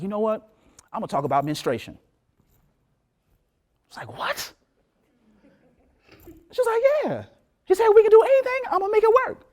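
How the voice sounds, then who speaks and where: A man in his late forties giving a talk as a professor, telling a story with lively asides and acted-out voices. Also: sits high. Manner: animated storyteller, acts out voices, laughs. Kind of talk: lecture with storytelling.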